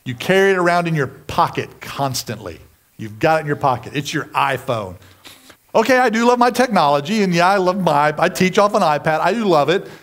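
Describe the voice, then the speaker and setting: Male preacher, high-pitched, lively self-mocking sermon delivery with shouts. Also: brisk. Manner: animated, self-mocking storytelling with sudden shouted outbursts. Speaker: pastor.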